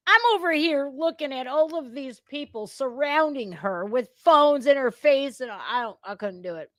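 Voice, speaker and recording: A woman's voice: sits high, normal speed, a bit bright, dry recording. A woman reacting to news clips in casual commentary, blunt and profane, ranting with heat.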